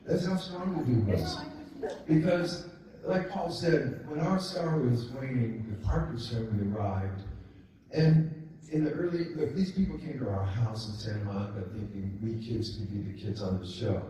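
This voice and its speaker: A man's voice: mid-range voice, mellow. A man in his sixties giving an informal, emphatic speech about old times as a speaker at a ceremony. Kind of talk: reminiscing speech to an audience. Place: large event hall. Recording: echoey hall, from far off.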